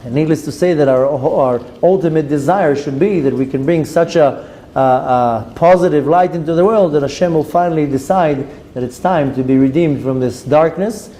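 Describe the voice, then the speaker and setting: A man's voice: on the high side, normal speed, dark tone. A man, a rabbi giving an earnest sermon that urges his listeners on and mixes in Hebrew terms.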